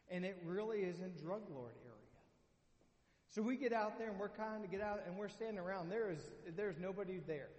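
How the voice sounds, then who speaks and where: A man's voice: high-pitched, roomy sound, in a large hall. A man preaching as a pastor, telling a story animatedly and acting out his own lines. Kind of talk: sermon with storytelling.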